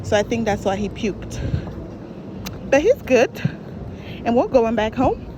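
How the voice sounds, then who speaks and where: A woman's voice: a little high, sing-song, a little slow, background noise. A young woman vlogger talking to her new puppy, coaxing and praising him in affectionate baby talk.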